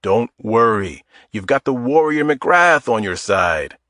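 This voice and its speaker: A man's voice: mid-range voice, sing-song, slow, fairly bright tone, no echo, clean studio sound. A man voicing a wry, self-deprecating man in his mid-forties in an audiobook. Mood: earnest. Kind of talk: audiobook character voice.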